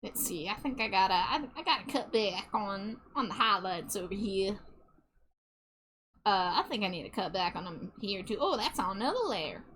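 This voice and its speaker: A woman streamer talks to her viewers while she draws, thinking aloud as she works. She mutters half-sentences to herself and breaks into quick laughs. The delivery is loose and unscripted. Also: medium pitch, expressive, fairly bright tone, breathy edge. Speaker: streamer and digital artist. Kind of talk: casual livestream chat while drawing.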